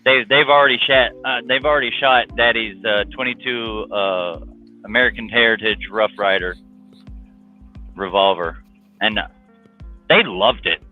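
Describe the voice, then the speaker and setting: A man's voice: measured pace, long pauses, faint music behind. Man on a tinny phone line, telling stories. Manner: animated storyteller, imitates his daughters in a high voice. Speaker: guest, father of two. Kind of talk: casual chat.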